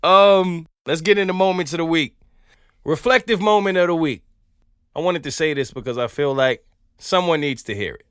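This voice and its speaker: A man's voice: fairly high pitch, moderate pace, clean tone, dry recording, clean studio sound. A man hosting a podcast, telling stories and riffing in a casual comic monologue, sometimes singing bits of songs. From Southern United States. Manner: animated storytelling, sings snippets of songs. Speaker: podcast host.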